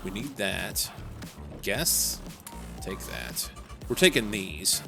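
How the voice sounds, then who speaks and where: A man's voice: sits low, big pitch swings, extremely slow, gravelly. A young man casually talking through a live game stream, rambling and answering chat. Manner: rambling, chatty, reads chat aloud. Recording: background game music.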